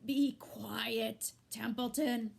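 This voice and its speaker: A woman reading aloud and voicing a wise old female sheep who gives calm, bossy advice. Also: on the high side, extremely slow, creaky, a little hiss or hum, exaggerated voice. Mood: hushing.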